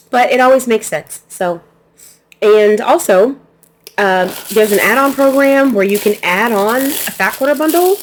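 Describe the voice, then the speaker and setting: A woman hosting her quilting channel, chatting casually through an unboxing, laughing easily and restarting her sentences. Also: on the high side.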